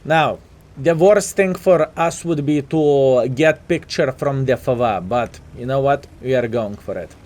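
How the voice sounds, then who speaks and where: A man's voice: medium pitch, unhurried, a little mellow. A man with a Lithuanian accent, a native Lithuanian speaker, giving chatty live gameplay commentary and calling his viewers "fellas", a bit sleepy. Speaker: gaming commentator.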